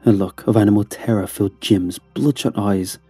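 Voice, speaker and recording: A male narrator tells a first-person horror story with a tense, dramatic delivery. His voice is low, dark and husky. The recording is dry and close, with faint music underneath. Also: steady tone, normal speed, no room sound.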